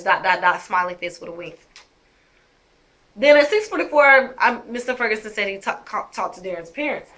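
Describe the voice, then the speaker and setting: Woman vlogger with a bright, pointed voice, addressing her viewers emphatically and with indignation. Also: medium pitch, animated, moderate pace. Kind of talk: personal storytelling to camera.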